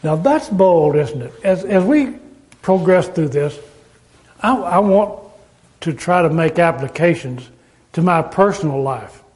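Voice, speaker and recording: A man's voice: fairly high pitch, animated, measured pace, a little mellow. A man preaching a sermon in an earnest, emphatic way, asking rhetorical questions.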